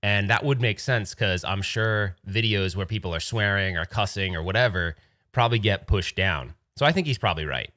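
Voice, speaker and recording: A man's voice: fairly low pitch, moderate pace, sharp tone. A man from Rhode Island hosting a casual livestream chat, telling rambling, digressive stories. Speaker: host.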